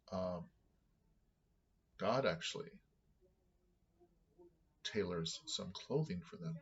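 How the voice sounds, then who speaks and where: A man reading scripture aloud on his vlog and thinking out loud about what it means. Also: on the low side, lo-fi sound. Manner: thinking aloud, with many restarts.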